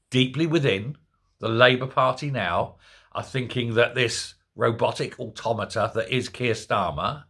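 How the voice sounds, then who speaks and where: Indignant man, bright and husky. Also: mid-range voice. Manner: indignant, sarcastic. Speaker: political commentator. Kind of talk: ranting monologue.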